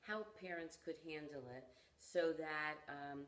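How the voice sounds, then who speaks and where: A low-pitched woman recounts a story in conversation, bringing the people in it to life with expressive delivery. As a parenting teacher, she speaks in a deep, grounded tone. The room adds a noticeable echo around her voice. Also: unhurried. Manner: animated storyteller who acts out the people in her stories. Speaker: parenting educator. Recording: roomy echo.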